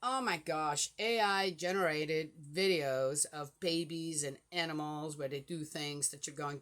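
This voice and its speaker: Older woman rambling in a lowish voice. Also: unhurried, hardly any pauses. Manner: rambling, animated storytelling with many fillers. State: flushed from a hot flash. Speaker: Bible reading podcaster. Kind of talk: casual chat.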